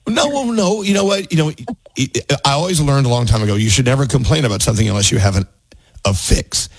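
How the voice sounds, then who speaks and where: A man's voice: mid-range voice, fast talker, slightly rough, no echo. A man hosting a radio show, joking and laughing with his co-hosts and a caller. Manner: animated, laughing, playful. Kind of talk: casual morning radio banter.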